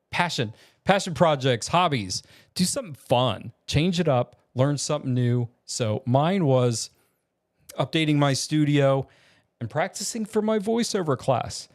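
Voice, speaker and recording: A man from Virginia chats in a relaxed vlog from his home studio. He rambles, restarts his sentences and fills pauses with ums at a mid pitch. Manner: chatty, rambling with many fillers and restarts. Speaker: vlogger. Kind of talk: casual vlog.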